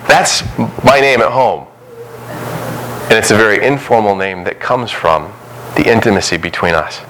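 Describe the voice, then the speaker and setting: A man in his thirties preaching a sermon, animated, acting out the voices in the scripture he reads. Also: low voice, moderate pace, noisy background. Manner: animated, dramatic reading of scripture and quoted voices. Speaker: pastor.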